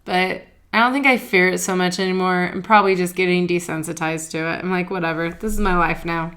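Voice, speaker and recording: A woman vlogger speaking earnestly and emotionally in a quiet, thoughtful personal reflection. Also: fairly low pitch, steady tone, fairly quick, few pauses.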